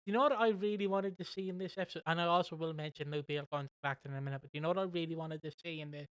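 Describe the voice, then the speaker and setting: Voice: mid-range voice, steady tone, racing, clean tone, no room sound. A co-host chatting casually, giggly and mocking, often acting out silly quoted voices. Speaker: podcast co-host. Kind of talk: casual chat reviewing a soap opera.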